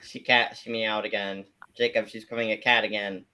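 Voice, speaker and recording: A co-host on a live online chat over a computer mic, teasing and giggly, quick to react. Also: medium pitch, flat delivery, sharp tone, smooth, low-quality recording. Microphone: computer mic on a voice call.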